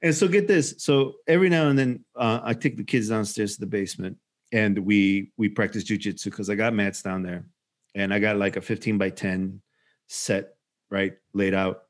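A man in his forties casually chatting as a podcast co-host, telling an animated story with swearing and acted-out quotes. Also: on the low side, moderate pace. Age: 40s. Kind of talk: casual chat.

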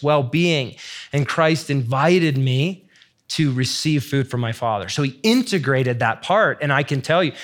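A middle-aged man giving a heartfelt teaching talk in an earnest, searching, emotional way. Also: fairly high pitch. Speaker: faith teacher sharing testimony.

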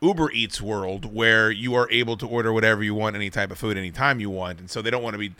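Bright, profane podcast co-host, man. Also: lowish voice, fast, clean tone, dry recording. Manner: profane, rambling, loud bursts of laughter. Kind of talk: casual banter.

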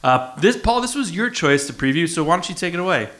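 Man, podcast co-host, casual banter, bright clear voice, self-deprecating. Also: on the high side, very animated, fast talker. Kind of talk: casual chat.

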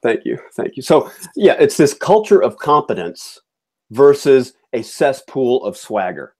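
A man's voice: mid-range voice, very animated, a little slow, darkish tone. A man hosting a podcast, giving his opinions in a chatty, casual way. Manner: chatty and opinionated, with frequent fillers and restarts. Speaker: podcast host.

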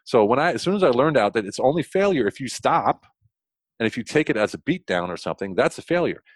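A middle-aged American man, a consultant guest on a podcast, telling stories with lots of energy, restarting sentences and leaping up in pitch for emphasis. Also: big pitch swings, no echo. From United States. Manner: fast, enthusiastic, frequent restarts, jumps high in pitch for emphasis. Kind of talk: animated storytelling interview.

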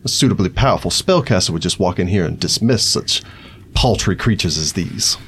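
Deep-voiced man running a tabletop game. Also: brisk, breathy edge. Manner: relaxed, explanatory, with fillers. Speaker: game master.

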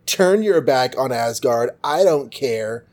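A grumpy, kingly old father god, as a man puts him on in a comic recap, speaking in a casual, put-upon way at a medium pitch. He sounds fed up rather than grand. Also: lively intonation, slow pace, a little mellow. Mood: grumbling. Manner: offhand modern paraphrase, exasperated.

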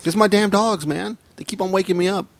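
A man's voice: high-pitched, a little fast, gravelly, no echo. A tired man co-hosting a casual comics podcast, loose and joking, swearing often. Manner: joking, loose, swears, jumps into funny voices. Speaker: podcast co-host.

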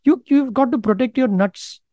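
A man's voice: extremely high pitch, moderate pace, warm tone, dry recording. A man in his thirties with an Indian accent, chatting casually and animatedly on a podcast, laughing often and slipping into Hindi. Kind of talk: casual chat.

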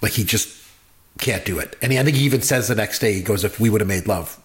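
A man's voice: lowish voice, quick pace. A man co-hosting a casual movie talk, enthusiastic and rambling, with lots of fillers. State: married. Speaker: podcast co-host.

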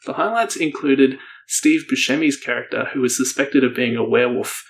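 A man co-hosting a casual podcast, reviewing a movie in a chatty, joking way with quick asides. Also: mid-range voice. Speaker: podcast co-host. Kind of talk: casual chat.

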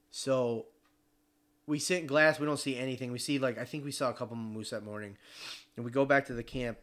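A young man casually telling a hunting story, animated and swearing freely as he acts out other people's voices. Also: mid-range voice, a little fast.

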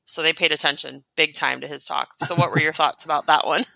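A young adult woman co-hosting a casual podcast chat about church talks. She laughs often and thinks out loud. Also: low voice, fairly even intonation, a little fast, vocal fry, no room sound, poor audio. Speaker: podcast co-host.

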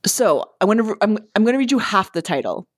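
A woman with a mid-range voice co-hosting a podcast in relaxed chat. She talks chattily and trails off with hesitant asides as she reads a news story aloud. The recording is dry and close. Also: mid-range voice, fast talker, no room sound. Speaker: podcast co-host. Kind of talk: casual chat.

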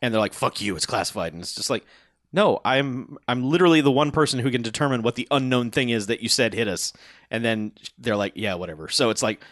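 A man casually recapping a film plot on a podcast, sardonic, muttering the characters' lines low and flat. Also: fast talker, no echo, clean studio sound. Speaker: podcast co-host. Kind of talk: casual movie review chat.

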